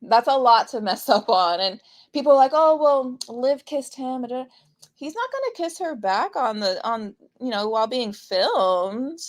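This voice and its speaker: A woman's voice: a little high, moderate pace. Chatty woman recapping wrestling. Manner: animated, laughs often, trails off and restarts. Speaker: podcast co-host. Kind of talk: casual wrestling recap chat.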